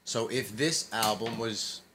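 Brief: male podcast co-host, low and measured, faint background hiss. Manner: explanatory, measured, lays out a point. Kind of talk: casual chat.

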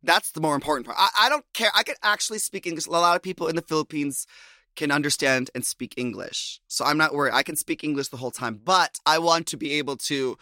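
A man's voice: fairly high pitch, quick pace, dry recording, clean studio sound. A man from Minnesota hosting a podcast, chatting casually with frequent laughs. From USA, Minnesota. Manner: chatty, laughs often, animated asides. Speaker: podcast host. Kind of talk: casual chat.

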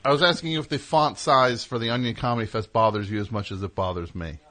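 A man's voice: medium pitch, fast talker, a bit bright. A man hosting a call-in radio show, talking in a sardonic, rambling, mock-indignant way. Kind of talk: casual call-in radio talk.

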